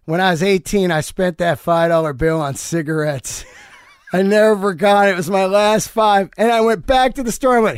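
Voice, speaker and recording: High-voiced, animated storyteller man. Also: normal speed, clear, resonant tone, no echo, studio quality. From San Francisco area. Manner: animated storyteller, swears a lot, acts out quotes. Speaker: comedian guest. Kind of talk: casual interview chat.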